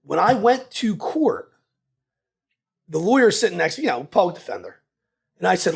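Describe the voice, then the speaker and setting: High gravelly Philly man telling stories. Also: a little fast, pauses often. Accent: Philadelphia. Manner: animated, swearing, says "dude" a lot. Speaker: guest. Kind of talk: storytelling in a casual interview.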